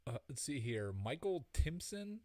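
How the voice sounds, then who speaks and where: A man co-hosting a casual podcast chat, halting and reading out lists of names. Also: medium pitch, big pitch swings, darkish tone, no room sound. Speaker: podcast co-host.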